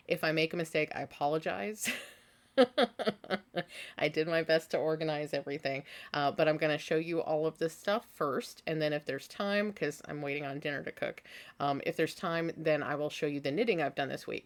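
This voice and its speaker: A woman with a notably deep, low voice chats casually from home, sounding worn out after a long day of work. She wanders through her thoughts with plenty of fillers and breaks into laughter easily. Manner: rambling, filler-heavy, quick to laugh. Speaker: craft vlogger host. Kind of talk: casual chatty vlog.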